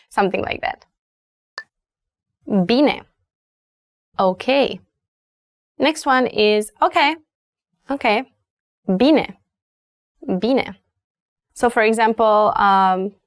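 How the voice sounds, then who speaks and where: A woman with a Romanian accent, a native speaker, teaching phrases in an unhurried lesson. She explains carefully and repeats each word slowly. Her voice sits at an ordinary middle pitch and is recorded close and dry, with no room echo. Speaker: language teacher. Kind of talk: language lesson.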